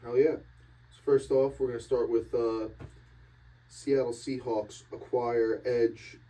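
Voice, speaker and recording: A man co-hosting a casual sports podcast with a very dark, mellow tone and a laid-back, joking manner. His voice sounds a little away from the microphone. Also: mid-range voice, little pitch movement, takes it slowly, distant mic. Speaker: podcast co-host.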